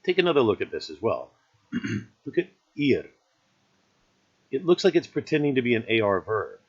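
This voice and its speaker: A man's voice: mid-range voice, big pitch swings, moderate pace, husky, dull audio. A man teaching a recorded grammar lesson in an easygoing, explanatory way, often checking in with "right?".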